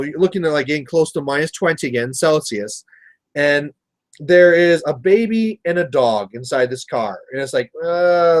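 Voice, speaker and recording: Casual Canadian male streamer, rambling storyteller, slightly raised pitch. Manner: rambling storyteller, chatty with viewers. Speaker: miniature painting livestream host. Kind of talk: casual chat while painting.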